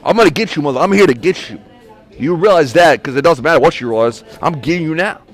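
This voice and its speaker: A man ranting alone on a podcast, angry, profane and accusatory, breaking into shouted bursts. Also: on the high side, animated, quick pace, faint music behind. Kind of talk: solo rant.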